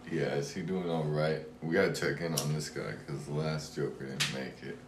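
A man's voice: rumbling low, fairly even intonation, normal speed. A young man guesting on a casual podcast, joking and easygoing in his banter. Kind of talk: casual chat. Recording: echoey room with faint noise.

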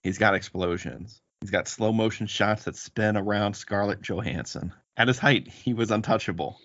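A man's voice: on the low side, moderate pace, fairly bright tone, no room sound, muffled recording. A man hosting a casual movie podcast, joking and boasting playfully with his brothers. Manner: playful, boastful banter with laughs. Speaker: podcast host.

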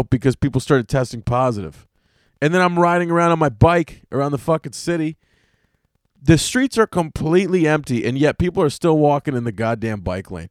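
A man's voice: mid-range voice, a little mellow, no room sound, studio quality. A man hosting a solo podcast, talking in a casual, rambling and exasperated way, full of swearing. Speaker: podcast host.

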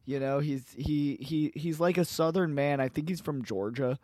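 A man's voice: fairly high pitch, moderate pace, a little mellow, no room sound. A man co-hosting a podcast in casual, crude chat, joking and laughing often with many fillers. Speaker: podcast co-host.

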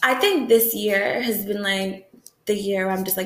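A young woman from the American South talking in a profane, rambling, animated way in a casual vlog rant. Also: a little high, normal speed, echoey room. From Southern United States. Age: young adult.

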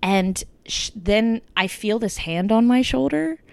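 A woman's voice: on the high side, measured pace, gravelly, clear, resonant tone, no room sound. Chatty young woman telling a story. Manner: chatty, lots of "like" and "kinda", quoting others in lively bursts. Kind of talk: casual storytelling chat.

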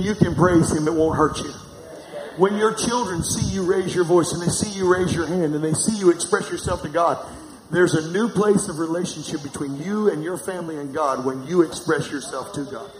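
The recording, echoey and noisy, captures a middle-aged pastor's sermon in a big church hall. His voice is on the high side and fairly quick as he calls for the congregation to respond.

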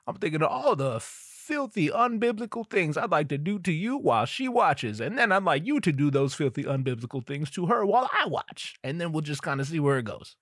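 A man's voice: a little high, sing-song, moderate pace, a bit bright, no echo, studio quality. A man voicing a lecherous old man who sits in a gym jacuzzi, talking in a sly, leering, mock-innocent way.

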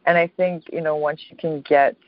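A woman with a fairly low voice chats reflectively and laughs easily, often ending her thoughts with a tag question. The sound is dull and lo-fi and completely dry. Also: fairly even intonation, brisk, no room sound. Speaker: podcast co-host, author. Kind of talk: casual conversation.

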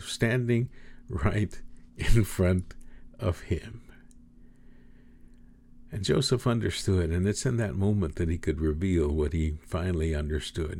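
Guy preaching, deep gravelly voice, slow dramatic sermon, swings loud and soft. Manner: dramatic, slow emphatic delivery with big swings of pitch and volume.

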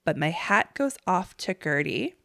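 A woman's voice: on the low side, sing-song, unhurried, gravelly, fairly bright tone, no room sound, studio quality. A woman co-hosting a casual gossip podcast, chatty and blunt, swearing freely. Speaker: podcast co-host.

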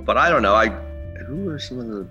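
A man's voice: mid-range voice, lively intonation, fast talker, lo-fi sound, over music. A man guesting on a podcast, chatting casually in a rambling, laid-back way and laughing often. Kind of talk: casual chat.

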